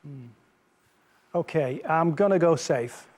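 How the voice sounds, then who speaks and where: Slightly high man, thinking aloud. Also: slow pace, a little mellow, long reverb tail. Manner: thoughtful, weighing options aloud. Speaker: quiz show contestant. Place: television studio.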